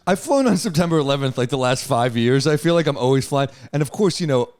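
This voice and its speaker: Animated New man telling stories. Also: medium pitch, fast, clean tone. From New York. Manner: animated storytelling, acting out shouted rants. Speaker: comedian guest. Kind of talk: casual podcast chat.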